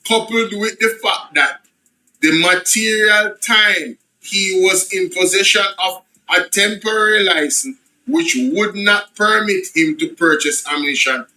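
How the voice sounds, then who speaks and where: High, sharp-voiced Jamaican man. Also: poor audio. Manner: switches between formal reading and patois asides; exclaims and repeats phrases for emphasis. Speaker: political commentator. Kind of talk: reading a report aloud with reactions.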